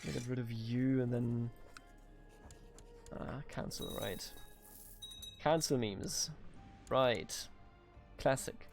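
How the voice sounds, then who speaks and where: A man's voice: mid-range voice, slow pace, vocal fry, pauses often, a little mellow, faint music behind. A man from Germany hosting a let's play, muttering to himself in exasperation, swearing and mocking his own mistakes. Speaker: gaming video host.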